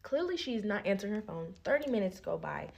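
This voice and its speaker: Gravelly young woman telling a storytime rant. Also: medium pitch, fairly quick, dull audio. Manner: animated, acts out each person's lines.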